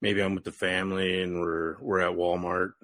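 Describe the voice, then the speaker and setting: Rambling low-voiced wrestling podcast host. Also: male voice, flat delivery, moderate pace, a bit bright, no echo, studio quality. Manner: rambling, heavy use of "like", laughs often. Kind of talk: casual podcast chat.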